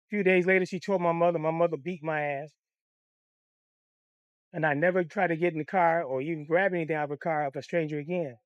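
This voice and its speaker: Brief: crude, animated male storyteller from Detroit, dry sound. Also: a little high, fast talker, smooth, no echo, dull audio. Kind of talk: comic storytime.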